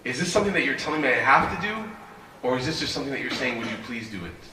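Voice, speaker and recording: A man voicing a resolute young woman who calmly questions and refuses, in an echoey hall. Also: medium pitch, rapid-fire, recorded from a distance, noisy background, lightly acted. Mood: questioning.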